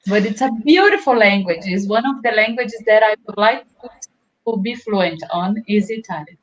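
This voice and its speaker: A woman from Brazil with a Brazilian Portuguese accent, a language teacher telling animated stories in a casual interview. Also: medium pitch, dull audio. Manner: animated storytelling, quick bursts.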